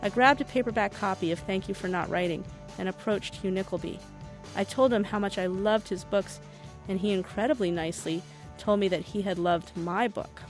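A woman's voice: medium pitch, normal speed, faint music behind. A woman, the author, introducing and reading aloud from her own novel in a wry first-person voice.

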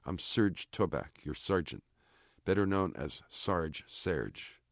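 A man reading aloud, voicing a chatty, bossy army sergeant in an offhand, brisk manner. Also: sits low, expressive, creaky, no echo, studio quality, exaggerated voice. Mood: wry. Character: gruff chatty male army sergeant, blunt.

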